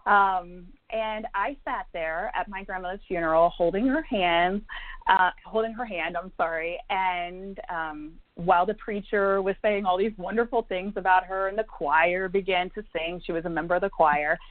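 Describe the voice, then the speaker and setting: A woman's voice: on the low side, normal speed, no echo. A woman from Indiana, a psychic medium guest, telling a personal story in an interview with fillers and laughs. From Indiana, USA. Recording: tinny phone-like line, dry.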